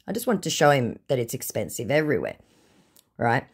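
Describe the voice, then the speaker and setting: A woman's voice: extremely low pitch, very animated, quick pace, slightly rough. An Australian woman retelling a chat with a scammer in a sarcastic, indignant way. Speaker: scambaiting video creator.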